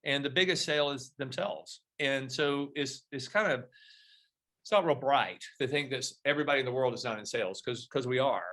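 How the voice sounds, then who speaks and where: A middle-aged man, a podcast guest, telling stories in a lively way and acting out the dialogue. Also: mid-range voice, fairly quick. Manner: storytelling, animated when acting out dialogue. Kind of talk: podcast interview.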